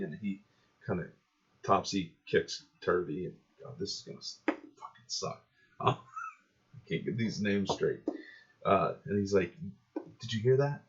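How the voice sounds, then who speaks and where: A man narrating a tabletop game as game master, casual and rambling. His voice is very low, and the audio is dull and lo-fi.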